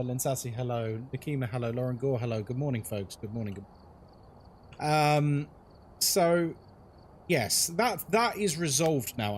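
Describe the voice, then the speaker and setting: A man's voice: mid-range voice, a little hiss or hum. A man streaming a horror game, chatting casually, greeting viewers and laughing often. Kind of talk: casual live-stream chat.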